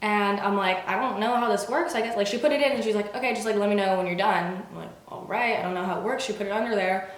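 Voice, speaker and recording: A woman's voice: mid-range voice, fast, few pauses, reverberant. A young woman telling a personal story in a casual storytime vlog, chatty and full of fillers, acting out what people said. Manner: chatty, filler-heavy, acts out quotes. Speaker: vlogger.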